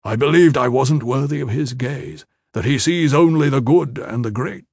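A man voicing a stern male military commander with a low, gravelly voice, speaking slowly and levelly. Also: darkish tone, no room sound, clean studio sound. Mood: grieving. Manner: level, slow and heavy.

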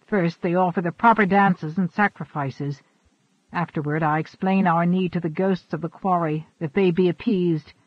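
A man reading the part of a stern old shaman in an audiobook, speaking gravely and in a measured way. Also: fairly even intonation, no room sound. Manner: measured, grave, low-spoken. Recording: dull, dry recording.

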